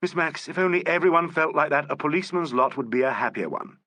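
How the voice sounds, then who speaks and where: A man voicing a polite, urbane police inspector who questions suspects with gentle irony, in an audiobook. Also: fairly high pitch, quick pace, dry recording, voice pushed up. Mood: charming. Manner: courteous, urbane, gently ironic. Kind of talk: audiobook character voice.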